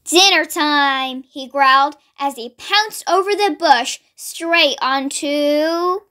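A young woman hosting a children's read-along, reading slowly, carefully and expressively. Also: high-pitched, sharp tone. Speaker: storybook read-along host. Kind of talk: children's read-aloud narration.

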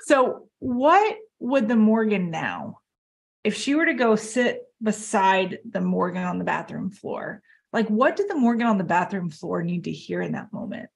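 A woman's voice: mid-range voice, animated, unhurried, gravelly. A middle-aged woman hosting a podcast interview, chatting casually and encouraging her guest. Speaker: podcast host.

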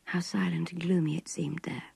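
Brief: older woman narrator, gravelly and very husky, close dry audiobook read. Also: fairly low pitch, little pitch movement, brisk, a little mellow, no room sound. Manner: intimate, breathy half-whisper narration. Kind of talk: audiobook reading of a classic novel.

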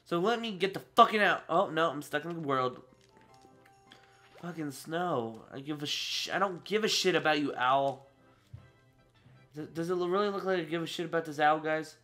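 A man's voice: a little high, normal speed, long pauses, a bit bright. A teenage boy giving casual let's play commentary, talking to his viewers, getting frustrated and swearing. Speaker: gaming channel host. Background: game music.

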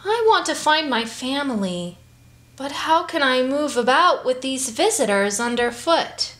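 A big, good-natured musk ox voiced by a woman reading aloud who lays down the rules gently but firmly. He speaks slowly and with measured care, and the pitch moves a lot. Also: animated. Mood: restless.

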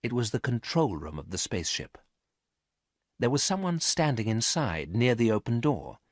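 A man narrating a graded story for English learners, reading clearly and carefully. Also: mid-range voice, sing-song, moderate pace, no echo, clean studio sound.

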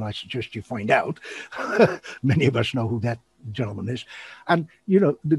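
A man hosting an online show, chatting casually in a rambling, animated way and laughing often. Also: medium pitch, husky. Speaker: show host and magician.

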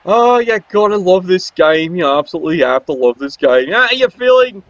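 A man's voice: sits high, animated, fairly quick, no echo, lo-fi sound. A man giving casual, sarcastic play-by-play commentary on a video game match. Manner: cheeky, sarcastic banter.

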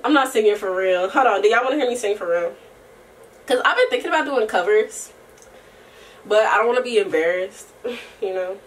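A young woman vlogging in a casual, rambling chat to camera, slangy and profane, often laughing and sometimes breaking into soft singing. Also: medium pitch, lively intonation, brisk, long pauses, far from the mic.

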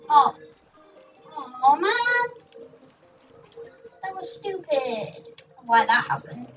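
A young gaming host rambling through excitable let's play commentary, shrieking at what happens in the game. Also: sits high, drawn-out words, long pauses. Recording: dull, distant mic with faint music.

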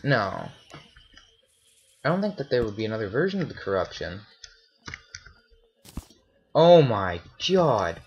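A man's voice: lowish voice, sing-song, a little slow, gravelly, pauses often, highs cut off, slight background noise. A man commentating his own gameplay, easily startled and often yelping in alarm. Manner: jumpy, often shouts in alarm. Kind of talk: let's play commentary.

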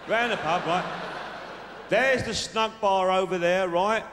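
On a large theatre stage before an audience, a man plays a cocky South London lad who brags and hands out dating tips in a live stand-up character act, peppering it with tag questions. His voice sits high, with a fairly bright tone and a measured pace. Live hall reverb and faint noise color the recording.

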